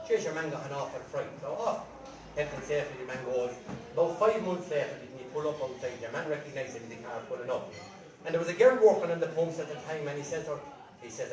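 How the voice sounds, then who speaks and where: A man's voice: on the high side, quick pace. Echoey far-off Irish man telling jokes. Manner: lively, chatty comic storytelling. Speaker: storyteller. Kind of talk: telling jokes to a live audience. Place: large room at a rambling night. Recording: echoey room from far off, crowd. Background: audience laughing.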